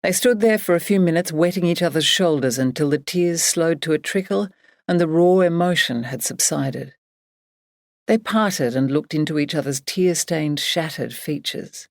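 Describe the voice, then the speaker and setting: Low-voiced woman reading a novel. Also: normal speed, no room sound, clean studio sound. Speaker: audiobook narrator. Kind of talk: scripted narration.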